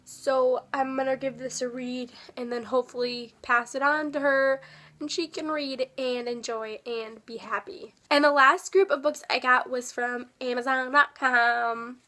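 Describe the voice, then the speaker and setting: A young woman with a high voice chats bubbly and self-deprecating about her new books. She is a little sick and often drops to a near whisper in asides. The talk is casual, as if in her own room. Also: fairly even intonation, unhurried, bright, forceful tone. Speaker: book vlogger. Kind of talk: casual book haul chat.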